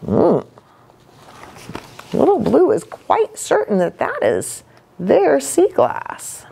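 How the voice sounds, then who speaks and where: Woman pastor, storybook reading, very lively melody, slow and unhurried. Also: sits high, gravelly, a little hiss or hum. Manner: gently chatty asides to children.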